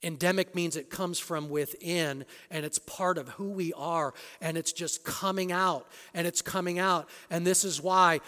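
Male pastor, sermon delivery, emphatic with loud peaks and low drops, slightly high voice, big hall reverb. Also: steady tone, unhurried, few pauses. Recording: long reverb of a large hall.

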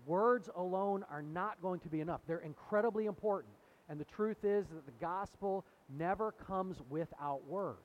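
A pastor with a high voice preaches conversationally, quoting scripture and putting questions to the congregation. The audio is muffled, with a faint hiss.

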